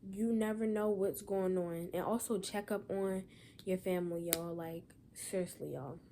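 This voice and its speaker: A woman's voice: on the low side, fairly even intonation, normal speed, warm tone, slight background noise. A young woman talks in an emotional personal vlog, holding back tears and rambling with many "y'all" and "like" fillers. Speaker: vlogger.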